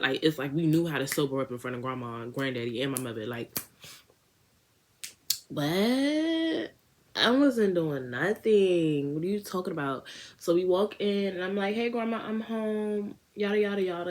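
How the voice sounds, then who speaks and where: A young woman tells a storytime to her viewers in a lively, slangy way. Her speaking voice sits a little low, and she keeps jumping into quoted voices of her friends. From Washington, D.C. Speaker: beauty vlogger. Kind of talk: casual storytime.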